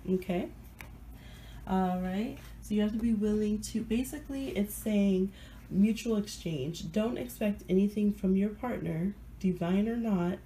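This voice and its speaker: A woman's voice: mid-range voice, mellow, slight background noise, poor audio. A woman giving a casual pick-a-card tarot reading while a little sick, chatty and playful, laughing often between points. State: under the weather, sick voice.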